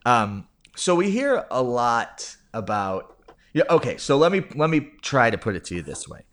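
A man's voice: mid-range voice, big pitch swings, normal speed, a bit bright. A man hosting a casual interview, playful and rambling, laughing often. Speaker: podcast host.

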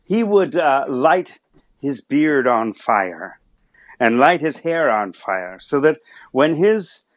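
A man's voice: mid-range voice, very animated, slow pace, no room sound. A man playing a friendly pirate captain in a chat, speaking in his everyday voice, hesitant with many fillers. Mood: storytelling. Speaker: pirate character guest.

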